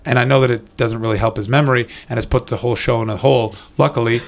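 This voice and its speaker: A male stand-up comedian with a gravelly, creaky voice works the crowd on a club stage. His delivery is wry and teasing, with casual swearing, close on a handheld mic. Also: mid-range voice, fairly even intonation, quick pace. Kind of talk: improvised stand-up with crowd work.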